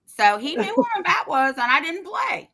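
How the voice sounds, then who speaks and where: Blunt, bright-voiced middle-aged woman. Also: extremely high pitch, very animated, measured pace. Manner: blunt, profane, laughs a lot. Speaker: podcast co-host. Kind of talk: casual podcast chat.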